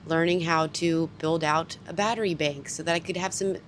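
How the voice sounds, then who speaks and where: A Californian woman who lives out of her vehicle vlogs casually to the camera in and around her truck outdoors, with slight background noise. Her voice is deep with fairly even intonation and a moderate pace, and she is chatty and emotional, often laughing and gasping.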